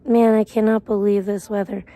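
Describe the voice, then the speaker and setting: A woman chats casually on her livestream, drifting from topic to topic and swearing freely. Her voice has a gravelly, fry-laden texture with a warm, mellow tone. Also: mid-range voice, flat delivery, normal speed. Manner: rambling, profane ranting. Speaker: live streamer.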